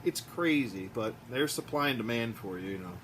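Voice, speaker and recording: A man who collects toys, chatting in a rambling, excitable way with lots of fillers, recorded in a room at home. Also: medium pitch, moderate pace, slight background noise. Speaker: toy collector vlogger. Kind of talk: casual rambling review vlog.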